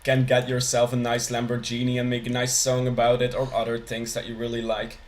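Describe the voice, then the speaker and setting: A young man commentating a strategy game with mock-serious deadpan humor, hesitating with frequent ums. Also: mid-range voice, a little fast, a little hiss or hum. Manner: hesitant, lots of ums, dry jokes. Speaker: gameplay commentator.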